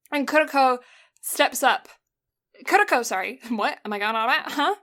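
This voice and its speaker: A woman co-hosts a podcast, recapping an anime in a loose, rambling way full of giggles and puns. Her voice sits high and expressive, pushed and bright, moving at a moderate pace.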